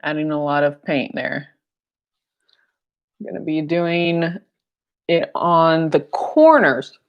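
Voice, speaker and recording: A woman's voice: sits low, animated, slow, dull audio. A young woman teaching a painting class on a live stream, chatty and jokey, often laughing at her own asides. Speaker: paint night instructor.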